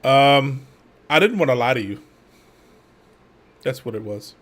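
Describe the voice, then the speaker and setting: A man with a slightly husky voice co-hosts a casual podcast. He teases his partner in a dry, deadpan way, and his pitch moves up and down a lot as he talks. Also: measured pace. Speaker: podcast co-host. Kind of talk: casual chat.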